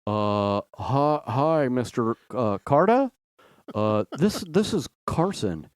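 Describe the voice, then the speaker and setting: Picture a man voicing an awkward young caller who hesitates and fills gaps with 'uh'. His tone is smooth and clear, slightly lowered, and dry. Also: big pitch swings, takes it slowly, no room sound. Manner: hesitant, filler-heavy. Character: awkward tipsy teenage boy caller.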